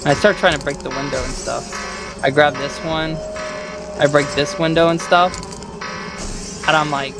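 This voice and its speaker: Man, rambling game recap, swears a lot, slightly high voice, loud music behind. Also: a little fast, poor audio. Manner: rambling, profane, reenacts his own thoughts loudly. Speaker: gaming video host. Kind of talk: casual gameplay recap.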